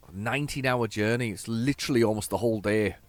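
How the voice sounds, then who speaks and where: Faint music sits behind a man's fairly low, fast voice as he hosts a let's play from home on a close desk microphone. He chats and rambles casually through the gameplay, often at his own expense.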